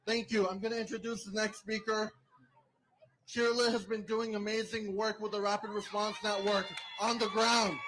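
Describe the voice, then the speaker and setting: A man's voice: high-pitched, level tone, normal speed, noisy background. A man emceeing an outdoor protest rally, giving a rousing speech and introducing speakers. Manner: rousing, chants with the crowd.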